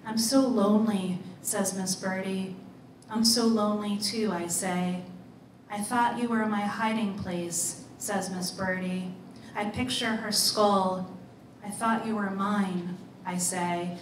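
A woman voicing a strange, lonely female daycare worker in a slow, hushed, wistful way, in a literary reading. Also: medium pitch, fairly even intonation, background noise, close to an everyday voice. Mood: sad. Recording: roomy, distant mic.

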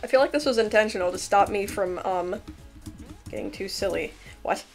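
A woman casually commentating a game she is playing, excitable and jokey, laughing often and yelping when things go wrong. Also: medium pitch, moderate pace, vocal fry, faint music behind. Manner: excitable, laughing, swearing, yelps in panic. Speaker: gameplay commentator. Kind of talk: casual let's-play commentary.

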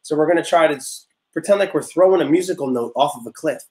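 A young man teaching a music class, leading vocal warm-ups in an upbeat, encouraging way and explaining step by step. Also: on the high side, fast. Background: guitar notes played under the talk.

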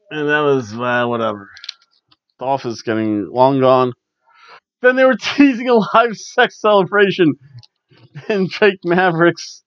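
A man with a fairly high voice hosts a laid-back wrestling review podcast, rambling wryly and chuckling a lot. The recording is dull, lo-fi and dry, with no echo.

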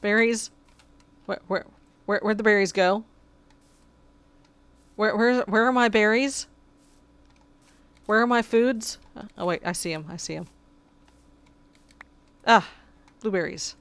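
This gameplay commentator speaks slowly with long pauses, in a medium-pitched, slightly bright, clean voice. She chats casually as she plays, sarcastically answering the creatures and getting fed up with them.

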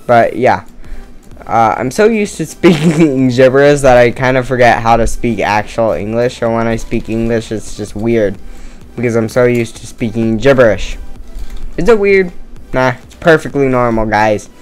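Man, tired, rambling let's-play chatter, smooth clean voice, swears, self-mocking. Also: mid-range voice, normal speed, faint music behind. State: tired, no caffeine. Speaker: gamer playing a murder mystery game. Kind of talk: casual let's-play commentary.

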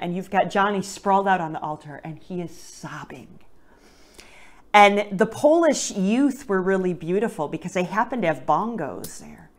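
A woman hosting a podcast, telling a personal faith story gently and reflectively, her voice sometimes dropping to a hushed near-whisper. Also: on the low side.

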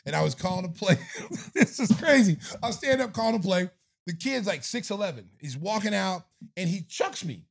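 Man, middle-aged, podcast host, animated storytelling, acted-out quotes, frequent laughs, higher pitch. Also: brisk, gravelly. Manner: acts out quotes, laughs often, swears. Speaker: podcast host, former basketball coach.

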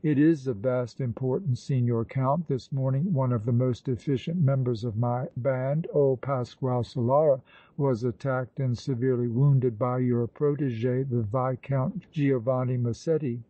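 A man's voice: mid-range voice, steady tone, dark tone, dry recording, highs cut off, close to an everyday voice. A man reading as a bold brigand chief. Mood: composed. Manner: bold, composed, deliberate.

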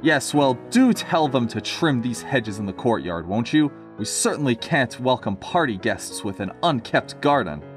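A man's voice: medium pitch, big pitch swings, normal speed, few pauses, faint music behind, close to an everyday voice. A man voicing a posh, jovial ghost of an aristocrat with a plummy, pompous manner.

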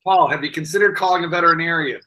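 High-voiced guy cracking teasing jokes on a live stream, bright tone. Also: very fast, low-quality recording. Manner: joking, teasing. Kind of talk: casual live stream chat.

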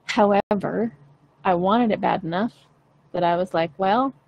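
A woman's voice: mid-range voice, a little slow, creaky, lo-fi sound. A young adult woman teaching singing in a casual, chatty way, frank and playful, swearing now and then. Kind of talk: casual livestream voice lesson.

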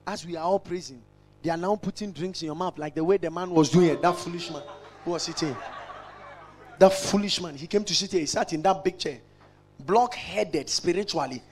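A man preaching a sermon, emphatic and repetitive, swinging between shouted lines and hushed asides. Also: on the high side, brisk, poor audio. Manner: repetitive, rhetorical.

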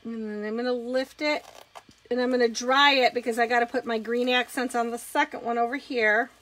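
Woman, craft demo host, casual and chatty, narrates her steps, bright and slightly high. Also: steady tone, brisk. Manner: chatty, talks through each step as she works. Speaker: craft demonstrator hosting a live stream. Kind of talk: casual step-by-step craft demonstration.

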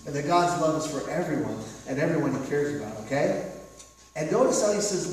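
A man's voice: a little high, big pitch swings, moderate pace, a little mellow. A man preaching a sermon as pastor, emphatic and repetitive, full of rhetorical questions. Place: church sanctuary. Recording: echoey hall recorded from far off.

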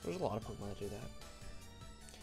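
Male let's player: casual, rambling, dry sarcasm, animated pitch. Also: moderate pace, over music. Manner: rambling, sarcastic, talks to viewers. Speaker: gaming YouTuber. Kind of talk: let's play commentary.

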